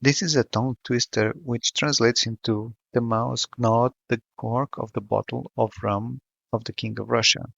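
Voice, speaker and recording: A man narrating a scripted pronunciation lesson, slowing down to model each example sound with care. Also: mid-range voice, steady tone, creaky, fairly bright tone, no room sound. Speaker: language tutor. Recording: dull, lo-fi and dry voice-over.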